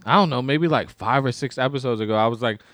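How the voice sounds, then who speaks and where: A man's voice: medium pitch, fast talker, fairly bright tone, no room sound. A young man co-hosting a podcast in loose, profane casual chat, laughing often. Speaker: podcast co-host.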